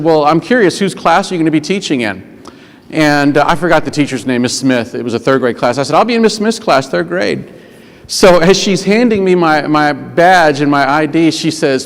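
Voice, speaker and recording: Keynote speaker, man, high voice, animated storyteller, recorded in a reverberant hall. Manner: animated, acts out quoted voices. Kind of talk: humorous storytelling speech. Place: large conference hall. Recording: long reverb of a large hall.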